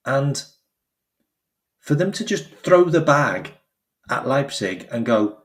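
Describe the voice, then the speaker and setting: A man's voice: medium pitch, slow, pauses often. Emphatic man ranting about football. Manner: animated, emphatic, repeats phrases, acts out quoted voices. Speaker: football channel host. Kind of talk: casual opinion commentary.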